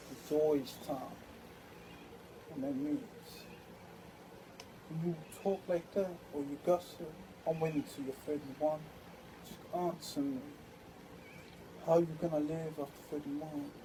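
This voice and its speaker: A man's voice: fairly high pitch, background noise. A man delivering a rambling monologue to camera, drifting through loose stream-of-consciousness musings.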